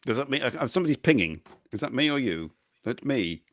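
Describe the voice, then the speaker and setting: A man hosting a live online interview chat over a video call, halting and repeating words, chuckling often. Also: medium pitch, very animated, a bit bright. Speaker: host.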